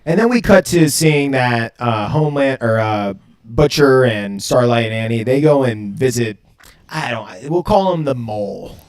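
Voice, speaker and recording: A man's voice: medium pitch, lively intonation, moderate pace. A man co-hosting a podcast, recapping a TV episode in loose, laughing chat with plenty of swearing. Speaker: podcast co-host.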